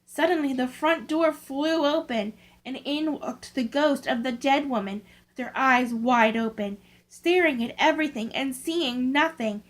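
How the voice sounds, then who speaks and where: A woman reading scary stories aloud from a book in a slow, careful storytelling way. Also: high voice, poor audio. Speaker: channel host, story reader.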